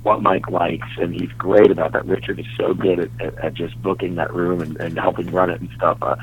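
A young adult man from Texas with a New York-sounding accent, a stand-up comedian chatting casually as an interview guest, laid-back and trailing off quietly. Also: low voice, level tone, a little fast, vocal fry, husky, poor audio. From Dallas, Texas.

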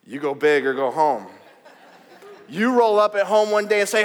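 A male pastor with a high voice preaching in an animated, joking way. He calls out to the congregation and teases them. His voice rings through a big hall with a long reverb tail. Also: moderate pace. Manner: animated, jokey, calls out to the crowd. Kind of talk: sermon.

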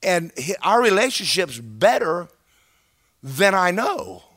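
A man delivers a sermon in an animated, conversational style, speaking emphatically and often checking in with his listeners. His voice is high and his pace slow.

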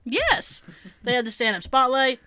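A woman co-hosting a casual chat, animated and sarcastic, laughing often. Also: high-pitched, measured pace, clean tone. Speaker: podcast co-host.

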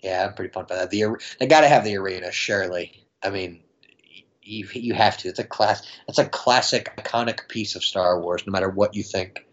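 A man's voice: sits low, brisk. A man chatting casually on a podcast, rambling and laughing often in a playful way. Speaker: podcast guest. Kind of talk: casual chat. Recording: dull lo-fi sound.

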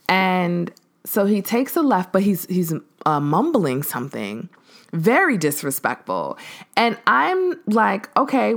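A woman hosting a podcast, telling a story in a casual, animated way, acting out the voices of the people in it and using lots of fillers. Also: sits low. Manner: animated, acts out quoted voices, frequent fillers. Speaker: podcast host.

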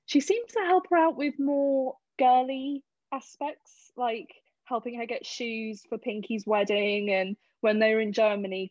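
A woman's voice: mid-range voice, no echo. Chatty young woman, dry lo-fi sound. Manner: chatty, giggly, acts out quotes in lively voices. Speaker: podcast host. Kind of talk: casual film discussion podcast. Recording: dull, slightly lo-fi dry sound.

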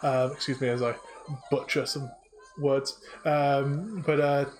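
A man narrating as game master of a tabletop game, halting with many fillers. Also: mid-range voice, steady tone, rough recording.

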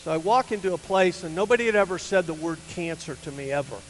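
An older man, a pastor, telling a personal story in a sermon to a church, animated and rising to loud, emphatic peaks. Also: sits high, quick pace. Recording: hall reverb with faint hum.

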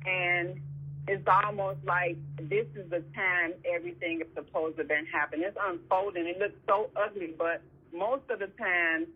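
A woman guest in an interview, speaking calmly and affirmingly over the phone. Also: on the low side, moderate pace, breathy edge. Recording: tinny phone line.

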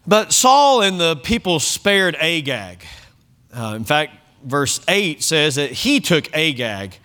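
A male pastor with a high, bright voice that swings up and down, reading scripture and adding lively comments. He addresses his congregation directly in a church. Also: slow.

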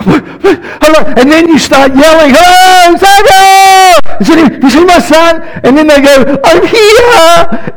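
A middle-aged man, a pastor, preaching a sermon in an animated way, dropping soft and then rising to yells as he acts out stories. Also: sits high, poor audio.

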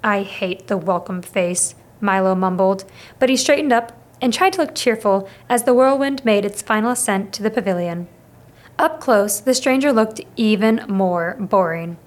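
A woman narrating a children's novel aloud in a steady, expressive reading. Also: mid-range voice, normal speed. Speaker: audiobook reader. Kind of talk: scripted storybook narration.

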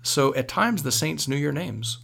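Male priest, radio interview guest, animated storyteller with frequent restarts. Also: a little high, unhurried, vocal fry.

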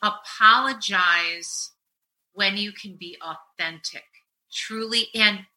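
On her podcast, a middle-aged woman who works as a therapist shares stories casually, her volume rising and dropping to a hush. She speaks slowly at a medium pitch, and the recording quality is low.

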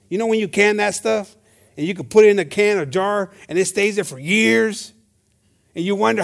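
A man preaching a sermon, switching between English and Spanish, calling out amen and hermanos, swinging from loud to soft. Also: sits high, lively intonation, normal speed, gravelly. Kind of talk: bilingual sermon.

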